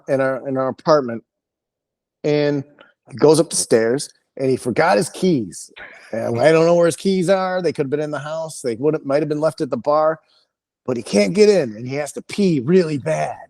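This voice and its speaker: A male comedian, a podcast guest, telling an animated, rambling and profane story with lots of restarts. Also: on the high side, moderate pace.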